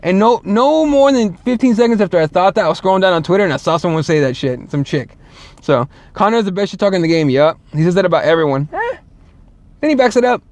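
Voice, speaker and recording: A man's voice: high voice, expressive, fast talker, no echo. A man hosting a casual solo show, rambling and swearing, full of fillers and restarts. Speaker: show host.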